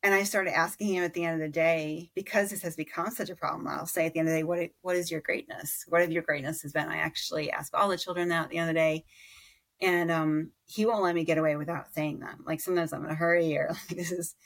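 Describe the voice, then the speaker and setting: A woman's voice: deep voice, fairly even intonation, quick pace. A woman in her thirties, a mother and podcast guest, talking candidly and reflectively about parenting, with frequent fillers and restarts. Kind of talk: conversational interview.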